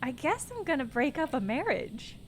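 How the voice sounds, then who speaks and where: A woman streaming a video game live, chatting in a self-mocking, giggly and animated way. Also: high voice, moderate pace, slight background noise.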